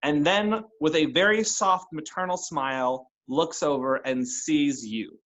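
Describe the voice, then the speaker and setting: In poor audio, a man with a higher, fairly bright voice speaks at a measured pace as game master of a tabletop role-playing game. He narrates and chats casually with his players, with restarts and laughs.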